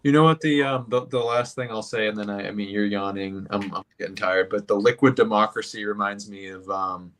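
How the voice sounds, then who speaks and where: A man who once ran for office, talking as a guest in a thoughtful, halting way with frequent restarts. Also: fairly low pitch, steady tone, a bit bright. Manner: reflective, halting, with many restarts. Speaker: guest, former political candidate. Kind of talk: casual conversation.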